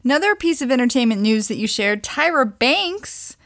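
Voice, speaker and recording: A woman's voice: high voice, big pitch swings, moderate pace, fairly bright tone. A woman co-hosting a podcast, chatting casually about celebrity news in a playful, self-deprecating way. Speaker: podcast co-host.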